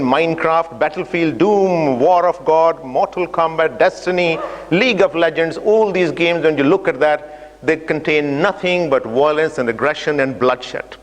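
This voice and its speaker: A man giving a storytelling lecture, narrating an imagined journey and acting out dialogue with hesitant fillers. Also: fairly high pitch. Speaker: speaker giving an Islamic talk. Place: mosque or community centre hall. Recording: long reverb of a large hall.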